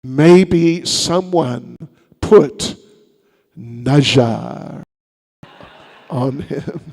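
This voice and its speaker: Slow, gravelly-voiced monk telling a story. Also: male voice, medium pitch, darkish tone, in a large hall. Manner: playful, chatty asides to the audience. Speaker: monk giving a seminar. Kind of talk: storytelling sermon.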